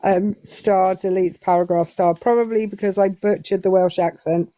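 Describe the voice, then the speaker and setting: A woman's voice: medium pitch, steady tone, normal speed, dark tone, no room sound. A young English woman chatting casually as a guest on a live stream, hesitant with many fillers. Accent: English, southern Midlands. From England.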